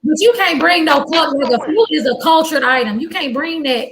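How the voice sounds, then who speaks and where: A woman's voice: high voice, animated, normal speed, crowd noise. A woman chatting on a panel, making blunt, joking asides. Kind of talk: casual panel chat.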